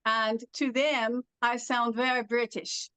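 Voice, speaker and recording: A woman's voice: on the high side, steady tone, slow, fairly bright tone, smooth, no room sound, low-quality recording. A woman from California whose speech has an unusual foreign-sounding accent from foreign accent syndrome, telling stories in an interview with many fillers. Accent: foreign accent syndrome, heard as European. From California, USA. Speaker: guest. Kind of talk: interview about her condition.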